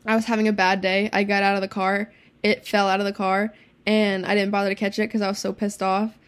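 Fast-talking teenage girl telling stories. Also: medium pitch, little pitch movement, smooth. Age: teens. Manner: fast, profane storytelling with laughs. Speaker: podcast co-host. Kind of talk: casual chat.

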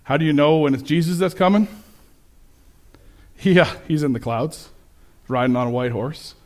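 A man preaching a sermon with slides, conversational and self-correcting, turning animated when he quotes people. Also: fairly high pitch, moderate pace. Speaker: pastor.

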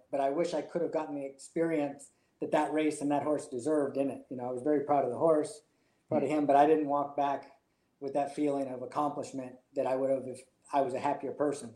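A man's voice: medium pitch, warm tone, roomy sound, poor audio. A man, a jockey, telling his story in an interview in a reflective, emotional way. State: choked up. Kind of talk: interview answers.

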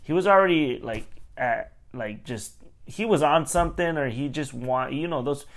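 A man's voice: mid-range voice, normal speed, gravelly. A man hosting a podcast, telling a story in a casual, rambling way with plenty of swearing. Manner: animated, profane, rambling. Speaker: podcast host.

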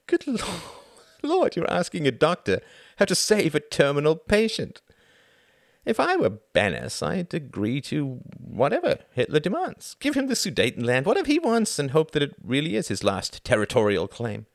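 A man's voice: fairly high pitch, wildly swooping pitch, normal speed, gravelly, dry recording, clean studio sound, voice pushed up, exaggerated voice. A man reading the part of a weary, cynical older aristocratic diplomat with a sardonic drawl.

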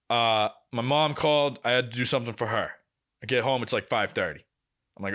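Bright-voiced young man telling a story. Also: mid-range voice, fairly quick. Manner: swears often, animated storytelling. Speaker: podcast co-host. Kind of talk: casual chat.

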